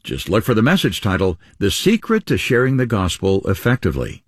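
Male co-host, husky lower voice, very animated delivery, dry close mic. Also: fairly quick, no room sound. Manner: lively, upbeat, with wide pitch swings. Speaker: radio program co-host. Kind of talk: radio ministry announcing.

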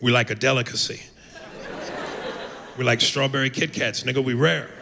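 A man's voice: mid-range voice, fairly even intonation, normal speed, gravelly, over a noisy crowd. A man from the United States doing a brash, profane stand-up set on a comedy club stage. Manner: brash, profane, jumps into loud impressions. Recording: live club with reverb and room noise.

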